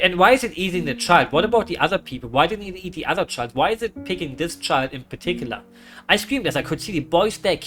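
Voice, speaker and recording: A man's voice: on the high side, fairly bright tone. A man from Europe reading a horror story aloud, often stopping for amused, rambling asides. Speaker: creepypasta reader. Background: guitar music.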